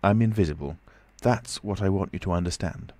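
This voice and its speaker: A man's voice: low voice, fairly quick, a little mellow, no echo, lightly acted. A man voicing an impatient, commanding unseen stranger who speaks tersely and insistently, in a storybook reading. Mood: firm, insistent.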